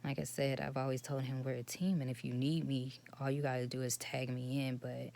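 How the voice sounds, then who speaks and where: A woman telling a personal story in a vlog, speaking softly and often slipping into near-whispers. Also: very deep voice, flat delivery, fairly quick. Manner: soft, subdued and often breathy, trailing into near-whispers. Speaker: vlogger.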